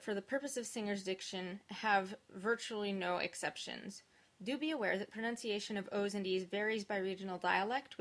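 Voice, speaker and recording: A woman teaching diction to singers in a video lesson, explaining rules in a clear, methodical way as a native English speaker. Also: mid-range voice. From English-speaking country.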